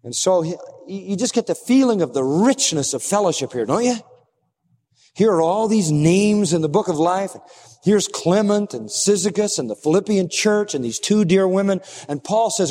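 A male pastor delivers an expository sermon in a fairly high voice, leaning hard on repeated phrases and swinging his emphasis up and down. His words ring out with the long reverb of a large hall. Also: sing-song, a little fast, darkish tone. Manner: emphatic, repetitive preaching with rising and falling emphasis.

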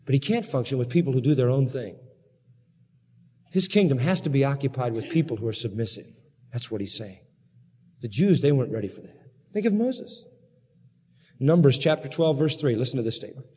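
A man preaching a sermon, slowing down to read scripture aloud with emphasis. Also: mid-range voice, mellow, breathy edge. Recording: long hall reverb.

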